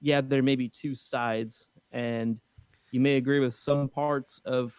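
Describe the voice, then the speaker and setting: A man's voice: medium pitch, little pitch movement, slow pace, darkish tone, smooth, no room sound. A man co-hosting a casual fan podcast, rambling with restarts and tossing in jokes. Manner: joking asides, rambling restarts. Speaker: podcast co-host.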